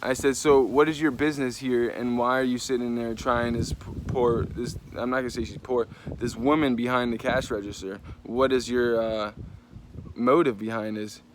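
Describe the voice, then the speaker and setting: Animated man ranting through a story. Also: medium pitch, moderate pace, slight background noise. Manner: animated, profane, jumps into voices when quoting people. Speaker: vlogger. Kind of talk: casual storytelling rant.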